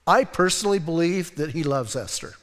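Male pastor, sermon, animated, conversational, high voice, long hall reverb. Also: a little fast. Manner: animated and conversational, acting out quotes, laughing often.

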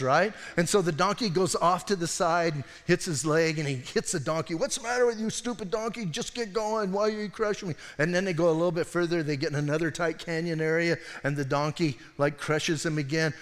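A man preaching in a fairly high voice, telling the story in a lively, slangy way with many asides. His voice rings out with a long hall reverb. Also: brisk, few pauses. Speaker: pastor. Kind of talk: sermon.

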